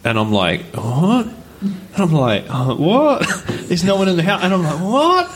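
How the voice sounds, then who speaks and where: A podcast co-host with a slightly high voice tells a story casually and a little slowly at a live recording with an audience. He's animated, laughs often, and acts out voices as he goes.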